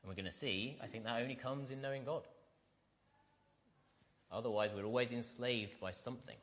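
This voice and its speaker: A man's voice: mid-range voice, brisk, fairly bright tone. A man preaching a sermon, talking conversationally and asking his listeners questions. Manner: conversational, asks the congregation questions.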